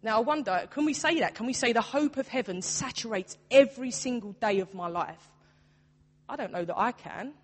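A woman's voice: fairly high pitch, lively intonation, moderate pace. Woman preaching in an echoing church. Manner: earnest, conversational preaching with quoted dialogue. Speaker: church youth worker preaching. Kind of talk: sermon. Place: church hall. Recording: long hall reverb.

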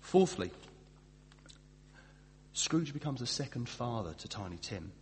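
A man's voice: medium pitch, big pitch swings, measured pace. Chatty man preaching in an echoing hall. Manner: chatty, self-deprecating, with fillers and restarts. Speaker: pastor. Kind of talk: sermon. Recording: distant reverberant hall with faint hum.

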